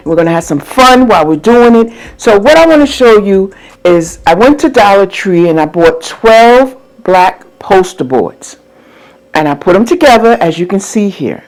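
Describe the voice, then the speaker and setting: A woman's voice: lowish voice, a little mellow. A woman hosting a casual crafting how-to vlog, chatty and upbeat, talking straight to her viewers. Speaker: crafting vlogger.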